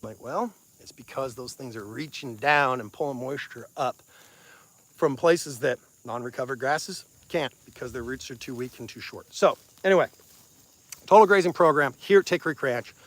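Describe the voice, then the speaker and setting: A man's voice: medium pitch, moderate pace, no room sound. A man with a Missouri accent, a rancher talking plainly and chattily with viewers in an outdoor phone livestream from his pasture. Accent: Missouri Ozarks. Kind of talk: casual outdoor livestream talk. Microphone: phone on a selfie stick.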